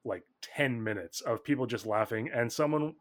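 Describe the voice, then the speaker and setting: A man's voice: medium pitch, moderate pace. A man narrating as game master of a tabletop game, in a rambling way with many fillers. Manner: rambling, filler-heavy, laughs often.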